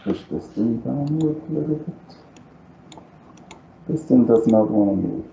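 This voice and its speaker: A man teaching calculus in a slow, unhurried way, with a very dark and mellow tone and an accent that is not native. He thinks out loud as he goes and keeps asking the class to say yes. The sound is roomy and dull, like a lo-fi classroom recording. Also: mid-range voice, lively intonation, creaky, a little hiss or hum. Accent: non-native English. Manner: thinking aloud, coaxing students to agree. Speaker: math teacher. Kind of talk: live calculus lecture.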